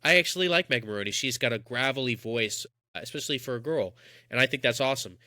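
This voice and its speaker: A man's voice: mid-range voice, lively intonation, fast talker, sharp tone, dry recording, studio quality. A young man co-hosting a podcast, talking in a casual, enthusiastic, rambling way. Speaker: podcast co-host. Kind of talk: casual chat.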